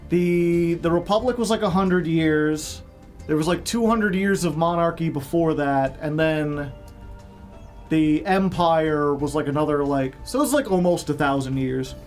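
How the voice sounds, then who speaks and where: A man's voice: on the high side, measured pace, faint music behind. A man who grew up in Chicago, chatting casually with stream viewers in a rambling way full of fillers and joking asides.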